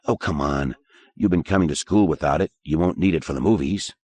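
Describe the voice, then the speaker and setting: Male reader as a coaxing teen boyfriend, soft and low. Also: fairly quick, husky, no echo. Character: smooth teenage boyfriend, coaxing.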